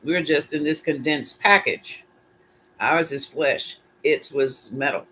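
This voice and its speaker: A man's voice: on the high side, slow pace, bright, forceful tone, husky. A man giving a casual solo tarot reading, musing aloud and putting questions to his pendulum. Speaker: tarot reader.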